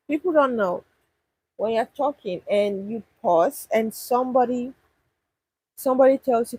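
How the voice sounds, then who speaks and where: A woman's voice: mid-range voice, breathy edge, no room sound, low-quality recording. A young woman chatting casually with viewers on a livestream, thinking aloud and restarting her sentences. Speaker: livestream host answering viewers. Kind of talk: casual live chat.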